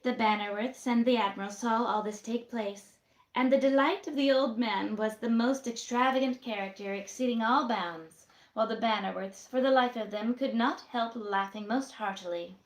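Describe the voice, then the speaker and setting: Woman reading a classic novel aloud. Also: on the high side. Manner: measured reading with acted voices. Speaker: storyteller. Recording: roomy echo.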